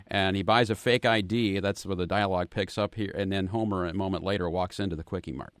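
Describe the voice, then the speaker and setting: Radio host guy, lowish voice, dry studio sound, stumbles a bit. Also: fairly even intonation, clear, resonant tone, dry recording. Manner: setting up clips, halting restarts. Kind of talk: radio interview.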